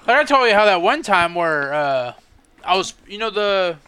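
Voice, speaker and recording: High bright-voiced man telling a story. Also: sing-song, moderate pace, smooth. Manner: swearing, repeats himself, lots of "he was like". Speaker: podcast co-host. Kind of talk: casual storytelling chat.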